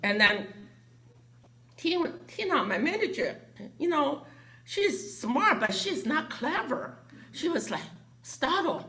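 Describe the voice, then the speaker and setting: A foundation director tells a story to a gathering, animatedly acting out the voices of people she quotes. Her voice is on the high side, and she speaks slowly with long pauses.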